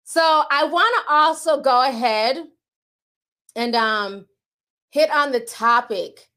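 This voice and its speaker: Sassy high-voiced woman podcast host. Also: slow pace. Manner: sassy, animated, calls viewers sis and honey. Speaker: podcast host reading super chats. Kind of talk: casual livestream chat.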